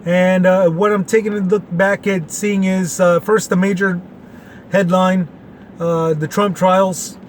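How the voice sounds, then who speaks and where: A man's voice: high voice, flat delivery, unhurried, slight background noise. A man in his late forties from Texas, hosting a casual opinion show in a rambling, folksy way with many fillers. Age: 40s. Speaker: podcast host.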